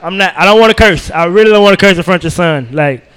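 A man's voice: high voice, very fast, fairly bright tone, in a large hall, slight background noise. A man doing a rambling, profane stand-up set at an open mic night. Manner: loose, profane, rambling storytelling with y'all. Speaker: stand-up comedian. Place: comedy club open mic.

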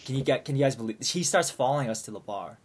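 A man's voice: mid-range voice, expressive, quick pace. A young man casually telling a long story to friends, rambling and swearing, with lots of fillers and restarts.

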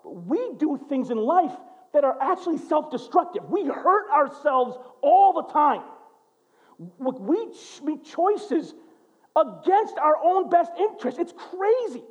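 A man preaching a sermon as a pastor, telling stories and acting out quotes in an animated way. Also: very high-pitched, measured pace. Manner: animated, storytelling with acted-out quotes.

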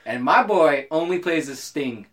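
A young man co-hosting a podcast in casual chat, animated and joking, swearing freely. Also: on the high side, unhurried. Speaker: podcast co-host.

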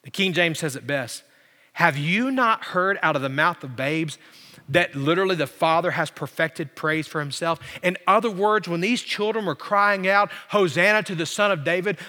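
Male pastor, sermon delivery, swings between rising emphasis and quiet lows; sharp, high voice, long hall reverb. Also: moderate pace. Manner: preaching with big swings in pitch and loudness.

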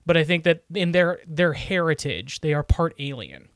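A man's voice: fairly high pitch, expressive, normal speed, a bit bright, dry recording, clean studio sound. A young man chatting casually and joking as a podcast co-host, rambling with many restarts. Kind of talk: casual chat.

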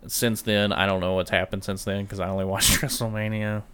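A man's voice: on the low side, little pitch movement, a little fast, a bit bright, clear, resonant tone. A man co-hosting a casual chat, rambling and breaking off mid-sentence to mimic what people said. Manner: rambling, self-interrupting, mock-quoting people. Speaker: podcast co-host. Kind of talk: casual chat about wrestling.

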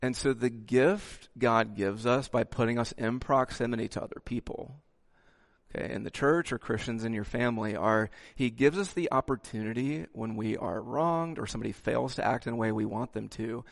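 Gravelly-voiced male pastor preaching. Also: mid-range voice, normal speed. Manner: expressive preaching, frequent "okay" asides, acts out quotes. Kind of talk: sermon.

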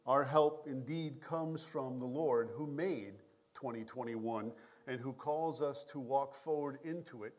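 A man pastor preaching a sermon in a measured, prayerful cadence, reading scripture and leading prayer. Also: medium pitch. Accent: New York.

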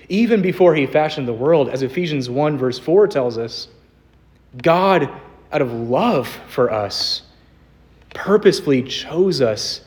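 A young man preaching a sermon in a church, earnest, slowing down to stress quoted scripture. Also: fairly high pitch, darkish tone. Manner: earnest, varied emphasis, slows on quoted scripture. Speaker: pastor. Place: church sanctuary.

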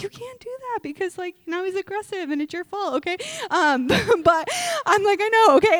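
A young woman preaching to a youth group in a gym, telling stories animatedly and checking in with "okay?" after nearly every line. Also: very high-pitched. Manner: animated storytelling, peppered with "okay?". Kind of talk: energetic sermon to a youth group.

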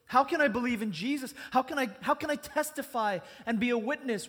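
A man's voice: extremely high pitch, brisk, hardly any pauses, a bit bright. A man preaching a sermon as pastor, earnest and conversational, speaking in a church sanctuary. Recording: long church reverb.

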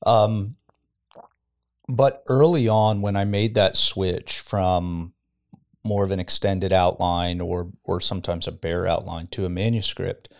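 Brief: middle-aged male pastor guest, lowish voice, thoughtful and storytelling with light chuckles, podcast studio. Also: fairly even intonation, unhurried, vocal fry. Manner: reflective, chuckles while telling stories. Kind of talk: casual podcast conversation.

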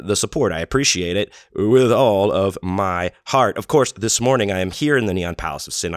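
Deep-voiced man rambling on a podcast. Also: fairly bright tone, no room sound, studio quality. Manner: rambling, laid-back, self-deprecating. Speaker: podcast host. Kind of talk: casual storytelling monologue. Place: home in Las Vegas.

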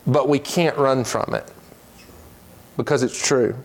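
Man, Sunday school teacher, earnest lesson delivery, slows down to stress points, reads scripture quickly. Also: mid-range voice, fairly even intonation. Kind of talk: Bible lesson.

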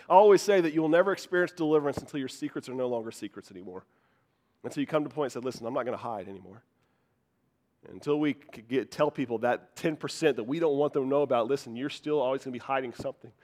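Pastor, male, earnest conversational sermon, slightly higher voice. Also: quick pace. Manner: earnest, conversational preaching with frequent restarts.

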